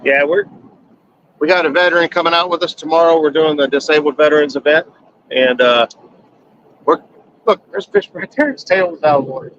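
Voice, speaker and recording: A man's voice: fairly high pitch, brisk, long pauses, slight background noise. Easygoing man on a dull lo-fi stream. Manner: relaxed, easygoing, describes what he sees on the water. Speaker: fishing channel host. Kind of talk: casual livestream narration. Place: outdoors on a boat on a bay.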